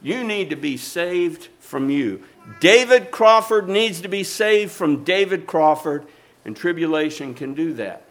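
A man's voice: fairly high pitch, lively intonation, measured pace, a bit bright, faint music behind. An older man preaching a sermon, rising and falling in intensity and calling for amens. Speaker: pastor.

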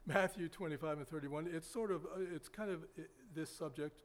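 Man, pastor, sermon, fairly high voice, folksy, rambling, loud sudden emphasis. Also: fairly quick.

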